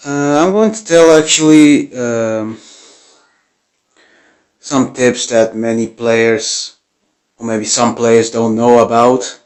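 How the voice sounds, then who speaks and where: Man, slow halting speech, nervous filler-heavy game tips voice-over, average pitch. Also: a little mellow. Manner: hesitant, halting, many fillers; apologetic, nervous. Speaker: gaming channel host.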